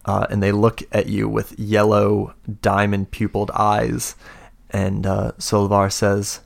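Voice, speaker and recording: A man narrating as game master of a tabletop game, halting and full of fillers. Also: fairly low pitch, monotone, creaky.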